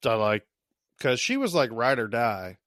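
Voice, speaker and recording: A man's voice: mid-range voice, sing-song, measured pace, fairly bright tone, no room sound. Jokey male podcast co-host, dry sound. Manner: crude jokey riffing, mock-quotes characters. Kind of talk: casual recap chat.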